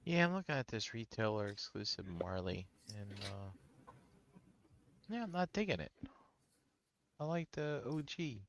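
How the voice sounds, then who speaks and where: A man's voice: mid-range voice, very animated, a little slow, pauses often, a little hiss or hum. A man hosting a casual chat about collectibles, rambling and swearing casually as he talks. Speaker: host. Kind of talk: casual chat while collecting and sorting figures.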